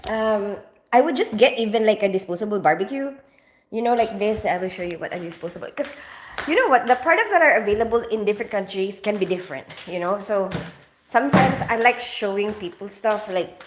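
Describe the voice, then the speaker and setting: A woman in her forties from the Philippines chats with her viewers from home, rambling along with plenty of fillers. Her nose is stuffy from allergies. The talk is loose and relaxed, with no script. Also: medium pitch, brisk, slight background noise. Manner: chatty, rambling, lots of fillers. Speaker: livestream host. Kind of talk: casual live chat with viewers.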